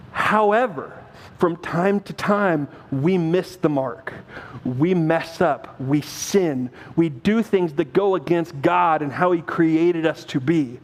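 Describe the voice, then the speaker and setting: A man in his forties preaching a sermon, telling a family story with animated acted-out dialogue and self-mocking laughter. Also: high voice. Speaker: pastor. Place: church sanctuary. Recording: long reverb of a church hall.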